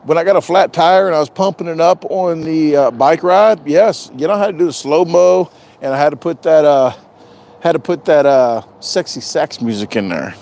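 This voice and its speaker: A man's voice: on the high side, normal speed, creaky, darkish tone. A man chatting casually on a live stream, rambling and joking, often repeating himself. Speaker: vlogger doing a live stream.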